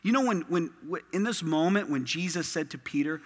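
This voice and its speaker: A man's voice: fairly high pitch, expressive, a little fast, husky. A man preaching a sermon as pastor, emphatic and impassioned, with lots of repetition. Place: church sanctuary. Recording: long reverb of a large hall.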